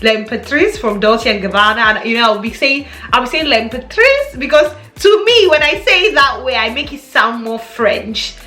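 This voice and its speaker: A woman's voice: a little high, lively intonation, moderate pace, hardly any pauses, bright, forceful tone. A young woman vlogger chatting playfully to her viewers and laughing often. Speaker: fragrance vlogger. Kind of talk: casual chat to camera. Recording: echoey room with faint music.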